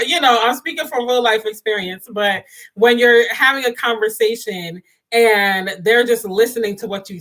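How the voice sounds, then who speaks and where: A woman, talking straight to her viewers and laughing often. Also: medium pitch. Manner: animated, laughs often, talks to viewers as y'all. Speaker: livestream host. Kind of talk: casual chat.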